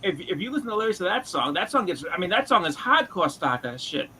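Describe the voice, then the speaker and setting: Podcast co-host, man, high bright voice, animated and crude storyteller, faint room noise. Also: fast, rough recording. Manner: animated, profane storytelling with impressions. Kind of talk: casual chat.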